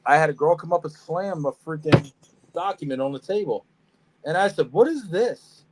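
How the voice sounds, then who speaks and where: A man co-hosting a casual podcast, telling animated stories about reptile shows, swearing freely and acting out what people said. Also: on the high side, normal speed. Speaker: podcast co-host, snake breeder. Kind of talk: casual storytelling chat.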